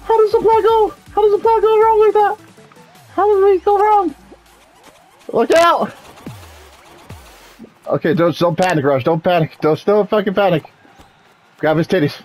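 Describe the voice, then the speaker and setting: A woman gamer talking with friends during an online match, loud and profane, yelling warnings and often breaking into laughter. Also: extremely high pitch, a little slow, long pauses, faint music behind, poor audio. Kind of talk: casual game commentary.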